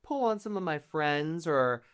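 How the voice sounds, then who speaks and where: A man's voice: fairly high pitch, expressive, unhurried, fairly bright tone, clear, resonant tone. A man playing a sly, gushing court noblewoman. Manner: flirty, gushing, scheming.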